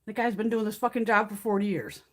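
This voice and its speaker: A woman's voice: medium pitch, fast talker. A middle-aged woman chatting on her livestream, ranting bluntly with lots of swearing and laughter as she reads comments. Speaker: beauty livestream host. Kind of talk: casual chat while reading live comments.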